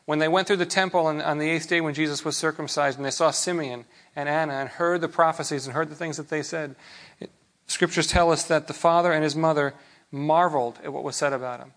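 Man, pastor, conversational sermon, slightly high voice, rhetorical questions. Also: fairly even intonation, fairly quick, a bit bright.

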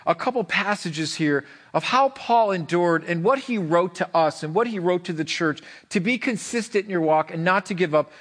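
A middle-aged male pastor preaching a lively sermon in church, often repeating words as he starts a phrase. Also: high-pitched, normal speed, hardly any pauses.

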